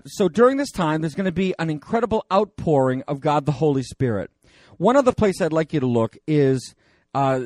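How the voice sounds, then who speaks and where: A man with a fairly high voice preaches in a loose, conversational way, wandering into asides and stumbling over restarts and fillers. The sound is dry and close, with no room around it. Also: no echo. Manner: animated and digressive, with many fillers and restarts. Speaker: pastor. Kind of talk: conversational sermon.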